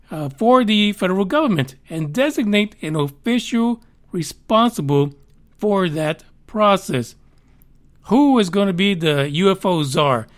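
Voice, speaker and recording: A high-pitched man hosts a casual news podcast, reading out stories and riffing on them. His delivery is sarcastic and animated, and he swears freely. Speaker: podcast host.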